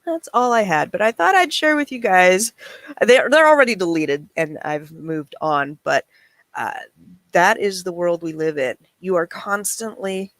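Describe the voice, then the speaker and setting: A woman's voice: on the low side, fairly bright tone, dry recording. A middle-aged woman hosting a casual livestream chat, reading messages aloud with wry, chatty remarks. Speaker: reseller channel host.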